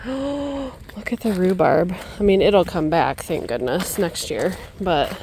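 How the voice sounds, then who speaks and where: A gravelly, slightly mellow woman's voice, animated but a little slow, belongs to a homesteader shooting a handheld vlog outdoors among her yard and garden. Between chatty talk she coos to her birds in a high, coaxing way and makes dismayed exclamations, over a faint hiss or hum.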